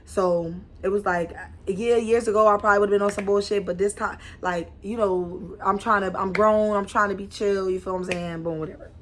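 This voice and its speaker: A young woman telling a casual storytime to camera, animated and slangy, with frequent restarts. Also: mid-range voice, fairly quick, hardly any pauses, slight background noise. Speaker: vlogger.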